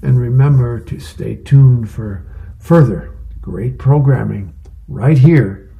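A man reading newspaper advice columns and comic strips aloud as a volunteer reader, in a relaxed, conversational way. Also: medium pitch, takes it slowly, gravelly, narrow, tinny audio.

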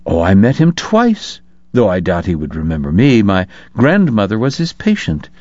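A man's voice: on the low side, huge pitch swings, moderate pace, darkish tone, no echo. A man voicing a courtly, modest priest who was once a minor prince, speaking politely and measuredly. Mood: courteous. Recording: dull lo-fi dry recording.

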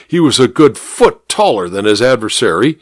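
A man hosting a radio mystery hour, narrating a story in an expressive, measured reading. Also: mid-range voice, no echo, studio quality.

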